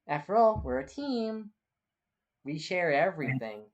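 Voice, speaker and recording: A stern team leader, pitched well above the speaker's own voice, talks in a loud, sugary, insistent tone, as a man puts it on. The figure sounds like someone about to punish the whole team. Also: very animated, a little slow, muffled recording. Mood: mock-sweet.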